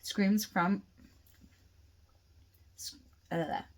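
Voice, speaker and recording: A woman reading her own novel aloud as a first-person audiobook, steady with occasional restarts. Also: mid-range voice, extremely slow.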